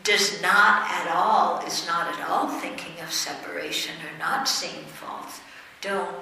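Bright-voiced woman teaching in an echoey hall. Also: fairly low pitch, steady tone, slight background noise. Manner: measured, checks in with "okay?". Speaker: Buddhist teacher. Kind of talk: Dharma teaching talk. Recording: echoey room, voice from far off.

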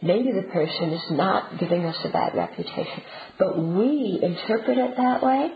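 A woman's voice: mid-range voice, lively intonation, moderate pace. A woman giving a conversational Buddhist teaching talk, often checking in with her listeners. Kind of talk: dharma talk. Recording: roomy, dull and noisy.

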